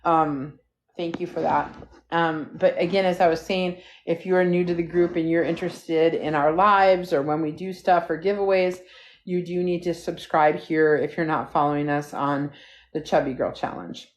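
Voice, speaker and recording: A woman's voice: low voice, fairly even intonation, moderate pace. A woman hosting a casual live stream, rambling and chatty as she talks to viewers and her dog, recorded on a phone. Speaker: livestream host. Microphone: phone livestream.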